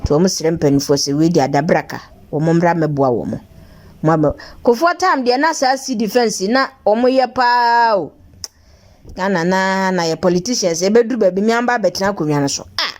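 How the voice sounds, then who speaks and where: A woman's voice: medium pitch, a little fast. Chatty woman presenting local news. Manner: chatty, laughing, teasing. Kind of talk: local-language news commentary.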